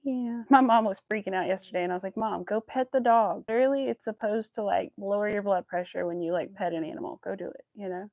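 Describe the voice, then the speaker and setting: A woman's voice: mid-range voice, quick pace, hardly any pauses, darkish tone, no room sound, highs cut off. A woman crochet vlogger chatting casually to her viewers and her dog, cooing baby talk at the pet.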